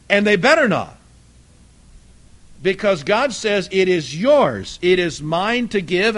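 Fiery high-voiced preacher. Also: male voice. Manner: impassioned, swings between loud emphasis and low asides. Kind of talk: fiery sermon.

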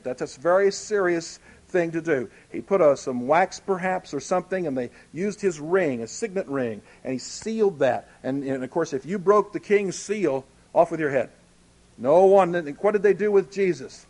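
A man's voice: on the high side, lively intonation, normal speed, darkish tone. A man preaching a sermon, explaining a Bible story in a folksy, conversational way.

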